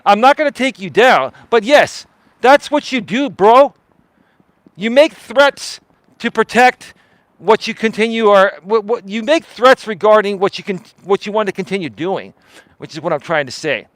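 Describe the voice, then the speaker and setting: High-voiced man ranting in a dry room. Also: expressive, moderate pace, no echo, rough recording. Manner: confrontational, profane, emphatic and repetitive; projects his voice loudly for emphasis. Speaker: live stream host. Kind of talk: heated live stream rant.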